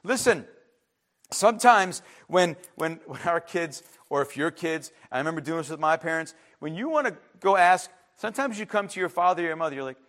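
A male pastor delivers a sermon in a high, light voice. He preaches emphatically and swings from loud, insistent outbursts to quiet, hushed asides. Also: animated, brisk.

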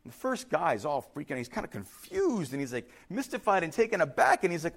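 A man preaching a sermon as a pastor, telling a story in an animated way and repeating words for emphasis. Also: high-pitched, fairly quick, hardly any pauses.

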